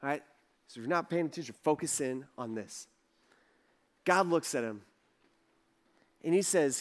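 A man with a fairly high voice preaching a sermon. He talks in a conversational, animated way, with casual asides, and slips into quoted voices as he acts out the story. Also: unhurried, pauses often. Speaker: pastor.

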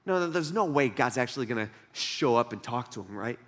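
A man's voice: mid-range voice, expressive, brisk, fairly bright tone. A young man preaching a sermon in a conversational way, acting out quoted voices.

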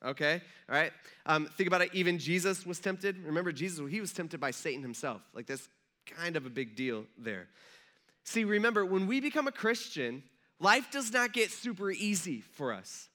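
A man's voice: high voice, expressive, normal speed, sharp tone. A man, a pastor, giving a conversational, joking sermon in a church and asking the audience questions.

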